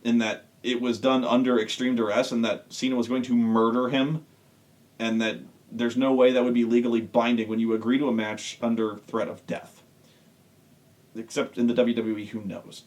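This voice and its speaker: A man's voice: medium pitch, flat delivery, normal speed, darkish tone. Sarcastic man ranting about wrestling. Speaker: online wrestling reviewer. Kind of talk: casual ranting commentary.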